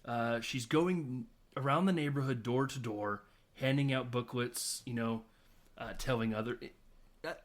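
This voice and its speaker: A man's voice: medium pitch, a little slow. A man co-hosting a podcast, casually retelling a movie scene by scene with lots of fillers and little acted-out quotes. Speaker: podcast co-host. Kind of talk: casual film discussion.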